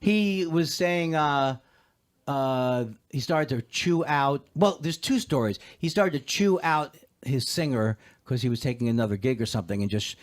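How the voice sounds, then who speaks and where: A middle-aged comedian guest joking and rambling in studio banter, mocking himself and slipping into sung snippets. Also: male voice, medium pitch, moderate pace.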